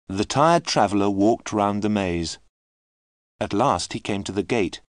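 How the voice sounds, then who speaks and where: Audiobook narrator, male, low register, measured learner-friendly reading, dry booth. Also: lively intonation, no room sound. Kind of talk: scripted storybook narration.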